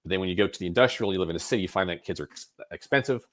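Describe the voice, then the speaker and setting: A deep-voiced man races through his words as a podcast host. In a casual interview, he asks long, rambling questions packed with fillers and restarts.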